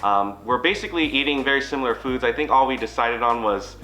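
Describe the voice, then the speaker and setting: A man co-hosts an eating show with a bright, forward voice, talking viewers through each dish in an easy, chatty way. His voice carries a roomy echo, with faint music playing underneath. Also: medium pitch, quick pace. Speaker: mukbang co-host. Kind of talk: casual chat.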